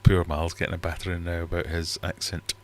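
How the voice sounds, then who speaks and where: Deep-voiced chatty Geordie man. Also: level tone, brisk, slight background noise. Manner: rambling, chatty, reads out comments. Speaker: livestream host. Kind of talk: casual livestream chat. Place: home fish room.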